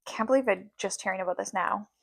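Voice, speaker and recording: A woman's voice: medium pitch, fast talker, vocal fry, fairly bright tone. A young woman co-hosting a casual podcast, teasing and bantering playfully. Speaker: podcast co-host. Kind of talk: casual chat.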